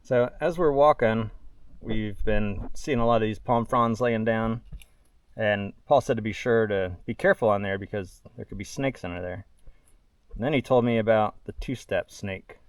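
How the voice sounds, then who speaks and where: A man's voice: on the low side, moderate pace, no echo. A man hosting an outdoor vlog, narrating a hike through the woods in a chatty way and laughing often. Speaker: vlog host. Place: outdoors in a forest.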